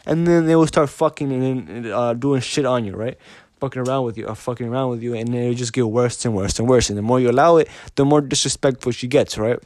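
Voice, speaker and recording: A man at a mid pitch lays down his advice bluntly and with plenty of swearing, circling back to the same points and asking "you know what I mean" again and again. He often trips over his own words and starts his sentences over. His voice sounds close and dry, with no room echo. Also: quick pace, a little mellow. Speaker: podcast host giving dating advice. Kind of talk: casual unscripted monologue.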